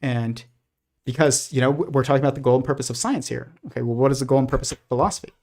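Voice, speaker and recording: Male streamer, middle pitch, loose rambling delivery full of restarts. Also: racing. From United States. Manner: rambling, many restarts and fillers, laughs softly. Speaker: host. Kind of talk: casual livestream commentary.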